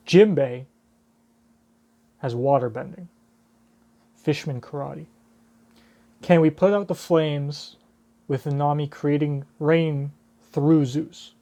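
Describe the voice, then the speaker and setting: Slow, mellow man reacting to a manga. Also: a little high. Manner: thinking out loud, musing. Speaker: reaction channel host. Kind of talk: live manga reading and reaction.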